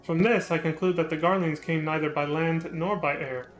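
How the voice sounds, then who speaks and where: A man voicing a formal, composed young male scholar, reading game dialogue in a measured way. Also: fairly high pitch, steady tone, faint music behind, close to an everyday voice, poor audio. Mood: analytical.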